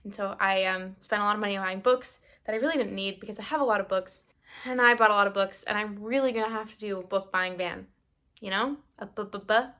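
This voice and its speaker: A woman's voice: mid-range voice, fast talker, pushed and bright. A young woman from the United States chatting casually to camera about a book haul, rambling and interrupting herself, teary and half-crying at times. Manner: rambling, self-interrupting, laughing through tears. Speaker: book vlogger.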